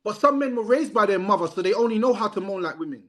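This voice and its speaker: A man's voice: high voice, expressive, quick pace, fairly bright tone. A man hosting a live stream, pushing his point and repeating himself to be heard. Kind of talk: heated argumentative debate.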